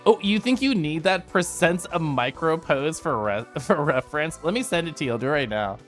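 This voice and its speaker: A man's voice: fairly high pitch, expressive, brisk. Man, casual stream chat, giggly, chatty, faint music in the background. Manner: giggly, bubbly, chatty with many asides. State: tipsy from whiskey earlier. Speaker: streamer recapping VR chat meetups. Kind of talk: casual livestream chat to viewers.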